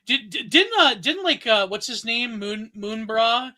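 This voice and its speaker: A man's voice: extremely high pitch, animated, a little slow, bright, forceful tone. A man chatting as a podcast guest, rambling with many fillers. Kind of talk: casual podcast chat.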